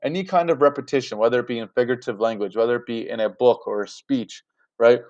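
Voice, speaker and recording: A man's voice: medium pitch, fast, darkish tone, dull audio. A man teaching a class in a casual, chatty way, often checking in with his students. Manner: chatty, checks in with "right?" and "you guys".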